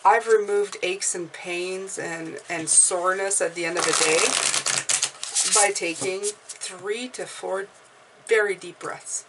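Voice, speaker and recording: A woman tarot reader giving an encouraging, casual spiritual pep talk, often repeating herself and breathing deeply aloud. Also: fairly even intonation, takes it slowly. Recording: mic at a distance, faint background noise.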